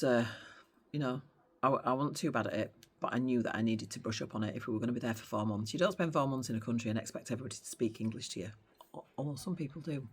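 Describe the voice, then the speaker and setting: A woman's voice: rumbling low, breathy edge. A middle-aged woman vlogging in a casual chat, talking in a chatty, sarcastic way and often going off on tangents.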